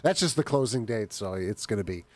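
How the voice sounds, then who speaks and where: A man's voice: on the low side, animated, a little fast, a loud crowd. A man in his forties chatting casually and profanely with friends on a podcast, rambling and laughing a lot. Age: 40s. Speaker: podcast host. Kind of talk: casual banter among friends. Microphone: desk mic on a live-streamed podcast.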